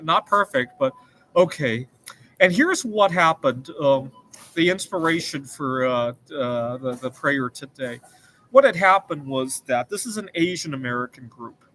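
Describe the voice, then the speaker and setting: A man's voice: a little high, expressive, measured pace, bright, forceful tone, rough recording. A man hosting his own show, telling a personal story in a rambling, earnest casual monologue. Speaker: show host.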